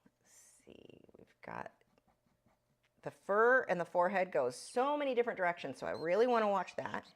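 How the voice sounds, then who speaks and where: This art instructor talks quickly with big pitch swings and barely pauses while leading a chatty live drawing lesson. She breaks away now and then to address her pet bird, her voice going high and squeaky.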